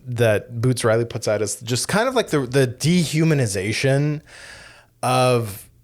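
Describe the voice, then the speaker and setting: A man's voice: mid-range voice, expressive, unhurried. A man co-hosting a podcast, talking through a film in a loose, rambling way with many restarts. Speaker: podcast co-host. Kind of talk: casual film discussion.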